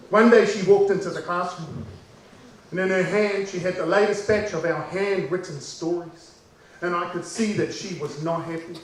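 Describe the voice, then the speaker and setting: High-voiced Kiwi storyteller, echoey distance. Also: male voice, moderate pace, long pauses, slight background noise. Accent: New Zealand. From New Zealand. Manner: animated, repeating lines for effect. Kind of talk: told childhood story.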